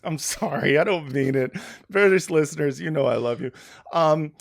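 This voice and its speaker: A man's voice: fairly high pitch, moderate pace, gravelly. A man hosting a podcast in casual, sarcastic comedic chat, with lots of fillers. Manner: sarcastic, animated, filler-heavy. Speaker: podcast host.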